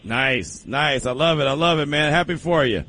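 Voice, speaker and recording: A man hosting a sports talk show, loose and jokey with animated banter. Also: fairly high pitch, normal speed. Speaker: sports talk radio host.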